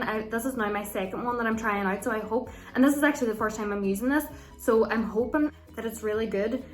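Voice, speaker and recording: A woman giving a casual, chatty makeup tutorial, with a loose way of talking and plenty of ums and likes. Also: a little high. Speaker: makeup vlogger.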